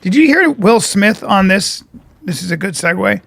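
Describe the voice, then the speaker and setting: A man's voice: sits high, animated, moderate pace, vocal fry, fairly bright tone, no echo. A man co-hosting a podcast, chatting casually and telling rambling stories that stop and restart. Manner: rambling, self-interrupting storyteller. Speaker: podcast co-host and comedian. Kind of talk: casual chat.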